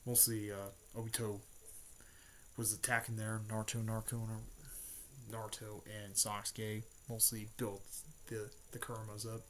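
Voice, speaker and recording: A man casually retelling a story, rambling with lots of fillers and frequent throat clearing. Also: on the low side, flat delivery, moderate pace, a little hiss or hum.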